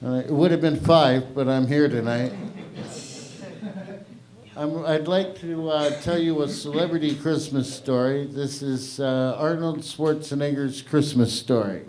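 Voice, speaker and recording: Brash, profane comedy show host. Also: male voice, a little high, measured pace, a little mellow, rough recording. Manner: brash, profane, self-mocking. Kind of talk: stand-up emcee banter. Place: small comedy venue with live audience.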